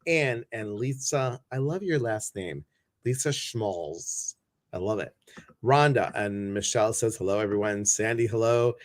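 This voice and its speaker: Brief: male live-stream host, casual and animated, greets viewers by name. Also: on the low side, a little slow.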